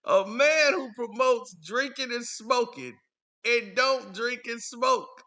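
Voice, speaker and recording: A man's voice: high voice, very animated, slow, pushed and bright. A man hosting a reaction video, giving amused commentary and chuckling between remarks. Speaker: reaction channel host.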